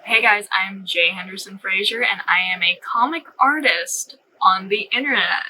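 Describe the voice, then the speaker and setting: Bright-voiced woman chatting casually in a vlog. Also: mid-range voice, moderate pace, few pauses, slight background noise, low-quality recording. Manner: rambling, self-interrupting, laughing at herself. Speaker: comic artist vlogger.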